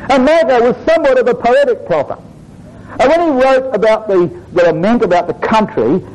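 A man preaches an expository sermon, walking his listeners through the meaning of old place names. His voice sits high for a man and swings widely in pitch as he teaches. He keeps calling the congregation brothers and sisters. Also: a little mellow, low-quality recording. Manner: addresses "brothers and sisters", explains Hebrew word meanings.

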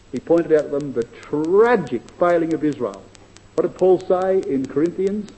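A man preaching a sermon in a high, mellow voice. He speaks earnestly and with emphasis, slowing right down to stress each quoted verse. His loudness swings widely, sinking at times to a near hush. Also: low-quality recording.

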